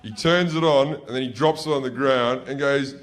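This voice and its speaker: A man with an Australian accent telling profane stand-up stories on stage, often breaking into loud yelled impressions of family members. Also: medium pitch, normal speed. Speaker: stand-up comedian. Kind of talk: stand-up storytelling. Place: stage before a laughing audience.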